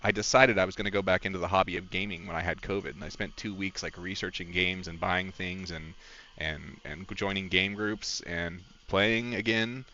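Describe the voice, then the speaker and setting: A man chats through a game stream in a rambling, candid, openly emotional way. His voice is low but bright and forward. The stream audio is a little dull, with faint music behind him. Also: fairly even intonation, normal speed. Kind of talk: casual live-stream chat.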